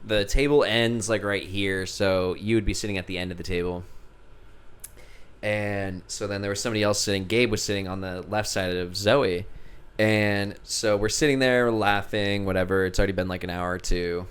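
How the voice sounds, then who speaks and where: A young man hosting a podcast, telling an animated story in casual chat, swearing freely and often breaking into laughter. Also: on the low side, normal speed, clean tone. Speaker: podcast host.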